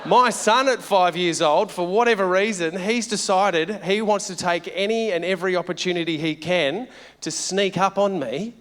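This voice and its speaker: A man's voice: high voice, moderate pace, fairly bright tone. A middle-aged man performing a stand-up comedy set, brash and sweary in a conversational way. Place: large theatre stage. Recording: live venue with long reverb.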